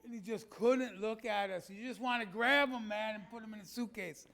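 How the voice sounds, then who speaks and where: A pastor speaks to his church as he clicks through trip photos. His voice is high for a man and carries a gravelly rasp. He punches key words with emphatic, folksy energy. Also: normal speed, soft background music. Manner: animated and emphatic, folksy asides. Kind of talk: slideshow talk to a congregation.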